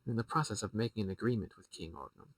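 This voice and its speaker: A man's voice: lowish voice, very fast, dry recording, distant mic, natural voice. A man voicing a scheming, haughty queen mother who speaks breezily and cuttingly. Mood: imperious.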